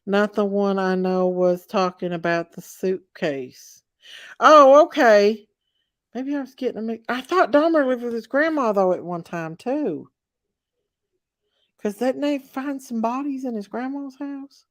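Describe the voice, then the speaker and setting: A woman's voice: a little high, measured pace, a little mellow, dry recording, clean studio sound. A woman with a Southern US accent hosting a casual livestream chat and reading out viewer comments. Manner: chatty, drawling, reads viewer comments aloud. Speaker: livestream host.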